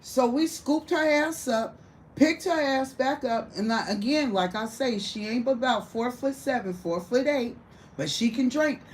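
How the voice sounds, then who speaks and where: A woman's voice: a little high, measured pace, slight background noise, rough recording. A woman telling a rowdy, profane story in casual conversation, often breaking into laughter. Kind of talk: casual storytelling to a small audience.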